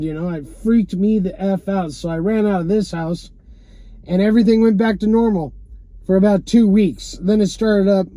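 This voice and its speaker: Rambling high-voiced man. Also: dark tone, no echo. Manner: loose and rambling, many fillers like "you know" and "man", swears often. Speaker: vlogger telling a personal story. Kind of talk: casual rambling monologue. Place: inside a parked car.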